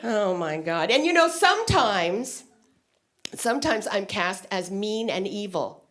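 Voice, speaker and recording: A woman comedian telling stories on stage in an animated stand-up delivery. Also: measured pace. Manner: animated storytelling with wide pitch swings.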